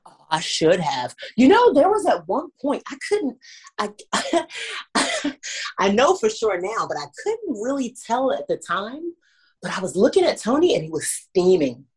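Animated, husky woman wrestler guest. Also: on the high side, a little slow. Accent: Washington D.C. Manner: animated, laughs often, acts out moments. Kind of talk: casual interview chat.

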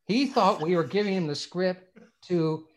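A man's voice: high-pitched, unhurried. Older man telling a rambling story. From Indiana, USA. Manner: meandering, repeats words as he restarts. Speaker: screenwriter guest. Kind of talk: storytelling anecdote in an interview.

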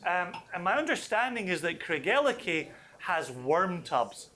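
A man leading a whisky tasting for a live audience, chatty and enthusiastic with quick asides. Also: high voice, sing-song, sharp tone.

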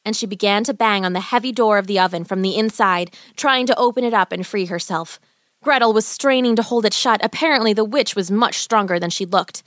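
A woman narrating a children's fairy tale in a gentle, even storybook reading. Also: mid-range voice, fairly quick, no room sound, studio quality.

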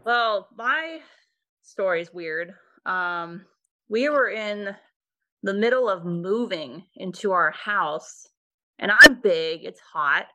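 A woman's voice: mid-range voice, expressive, takes it slowly, pushed and bright, poor audio. A woman in casual chat, telling her story frankly and matter-of-factly. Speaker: guest mom.

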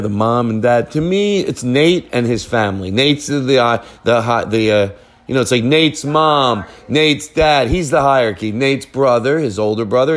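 A man hosting a podcast from a family living room, telling a rambling, joking story in casual chat. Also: mid-range voice. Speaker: podcast host.

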